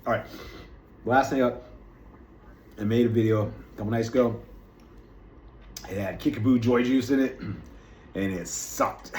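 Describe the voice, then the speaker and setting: With a medium-pitched, slightly mellow voice, this US vlogger talks at a measured pace, leaving long pauses as he tries snacks for his camera. His chat is loose, rambling and full of self-mockery, and the echoey room has some faint noise.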